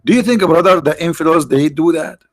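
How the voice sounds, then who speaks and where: A man's voice: on the high side, a little fast, no echo. A man hosting a livestream, giving mocking, sarcastic religious debate commentary in broken English. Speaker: livestream host.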